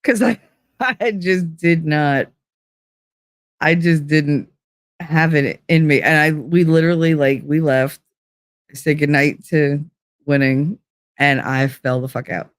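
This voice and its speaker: A woman's voice: deep voice, steady tone, takes it slowly, pauses often, dry recording, clean studio sound. A woman live streamer in casual chat, rambling from one story to the next, giggling and swearing freely.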